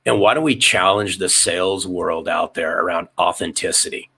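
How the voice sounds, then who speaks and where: Emphatic man in his fifties, bright-voiced. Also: deep voice, normal speed, slight background noise. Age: 50s. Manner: emphatic, repeats phrases for effect. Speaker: guest, sales author and podcaster. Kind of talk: storytelling interview answers.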